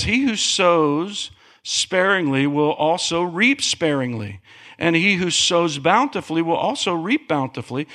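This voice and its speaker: Pastor, male, energetic sermon delivery, slightly high voice, big swoops upward. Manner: animated, swooping pitch, calls for amen.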